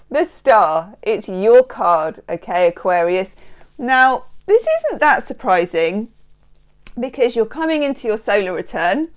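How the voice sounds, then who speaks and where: Bubbly woman reading tarot. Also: medium pitch. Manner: bubbly, exclamatory and playful. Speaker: tarot reader. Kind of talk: tarot card reading to camera. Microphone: microphone close by.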